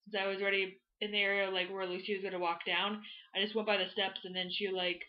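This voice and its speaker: A teenage girl from Florida vlogging, telling a story in an excited, rambling way full of "like" fillers. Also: medium pitch, fast talker, dull audio. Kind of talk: casual storytelling to camera.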